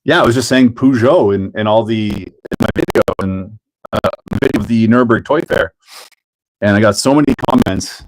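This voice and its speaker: A man's voice: lowish voice, moderate pace. A man hosting a casual hobby livestream, chatting and laughing while he builds a model car and greets viewers by name. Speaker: livestream host.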